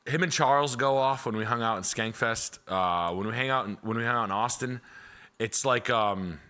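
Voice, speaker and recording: A man's voice: mid-range voice, moderate pace, bright, forceful tone. A young man hosting a casual livestream, rambling and self-deprecating with crude jokes. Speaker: realtor and livestream host.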